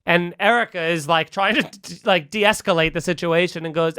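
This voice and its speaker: A man's voice: high-pitched, normal speed, few pauses, smooth, no room sound, clean studio sound. A man on a podcast telling a long, heated anecdote in casual chat, acting out both sides and swearing freely. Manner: animated, acts out both sides of a quarrel, swears. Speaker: podcast host.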